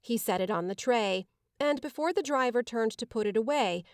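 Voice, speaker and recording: A woman giving measured, dramatic first-person narration of an audiobook. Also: a little high, expressive, no echo, clean studio sound.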